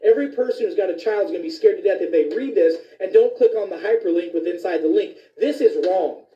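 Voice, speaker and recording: A man's voice: sits high, fast talker, dark tone. A man who is a physician, ranting indignantly with profanity in a commentary video. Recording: distant, echoey, dull lo-fi sound.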